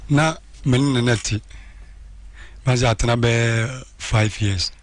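Ghanaian man calling in, calm and steady, mid voice, dry sound. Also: mid-range voice, slow, no echo. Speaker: caller. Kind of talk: telling a personal story.

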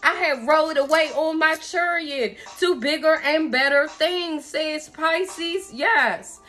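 A woman with a high, bright voice gives a tarot reading. She talks in a sassy, emphatic way, drawing out her stresses and dropping pet names as she goes. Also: slow, soft background music. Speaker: tarot reader. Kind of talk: tarot reading channeling messages.

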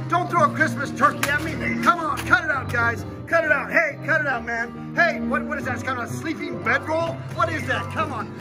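A man playing an excitable male motorcycle rider who rambles and yelps in protest. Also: very high voice, voice pushed up. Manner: yelping, indignant rambling.

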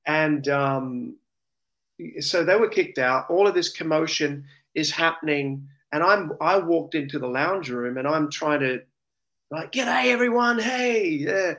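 Australian male guest, slightly high voice, heartfelt testimony delivery. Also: measured pace. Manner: earnest, emotional, animated retelling. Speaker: interview guest. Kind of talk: personal testimony storytelling.

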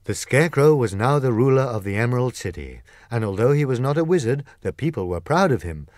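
A man narrating a classic children's story as an audiobook reader, expressive and clear. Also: mid-range voice, a little fast, hardly any pauses, dry recording, clean studio sound. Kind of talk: storybook reading.

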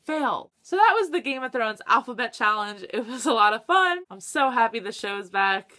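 A young woman chatting to camera for her book vlog, excitable, laughing often and swearing when she gets stuck. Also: fairly high pitch, normal speed. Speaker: book vlogger. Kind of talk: casual chat to camera.

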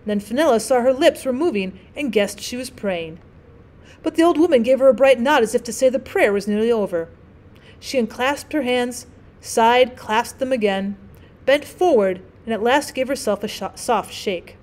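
A woman teacher narrating a classic short story as an audiobook, with clear, measured storytelling. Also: fairly high pitch, animated. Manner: clear, measured storytelling with gentle voices for characters.

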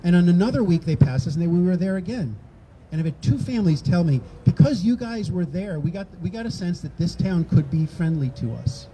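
An older man speaks at an outdoor rally in a dark, mellow voice that sits slightly high. He talks casually, acting out quoted back-and-forth exchanges. Faint background noise comes through. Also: animated, brisk, hardly any pauses, low-quality recording. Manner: conversational, acts out quoted exchanges. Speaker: rally organizer speaking at a public event. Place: outdoors on a town green.

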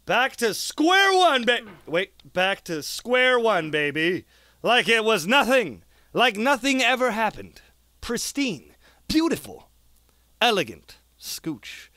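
A young man giving gameplay commentary, excitable, muttering one moment and yelling the next, swearing and talking to his character. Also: high-pitched, takes it slowly, no echo. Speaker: gaming YouTuber.

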